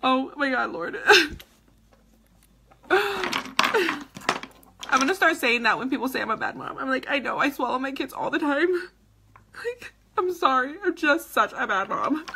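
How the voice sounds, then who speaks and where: A woman's voice: high-pitched, creaky, very noisy. A woman who is a mother, vlogging live in a casual, dramatic way with squeals, laughter and cursing. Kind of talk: casual livestream chat.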